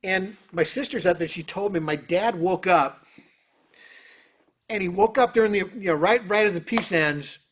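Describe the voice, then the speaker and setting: A man, a guest on an interview, telling stories and answering questions in an animated, casual way over a video call. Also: high-pitched, moderate pace. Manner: animated, lots of fillers. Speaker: orchestra trumpeter, interview guest. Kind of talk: casual storytelling.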